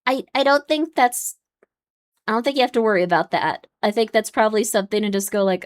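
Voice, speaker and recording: A woman's voice: a little high, brisk. A young woman hosting a live-stream watchalong, chatting casually with her viewers, rambling with lots of fillers and getting exasperated at times. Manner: rambling, many "like" and "um" fillers, gets loud and exasperated.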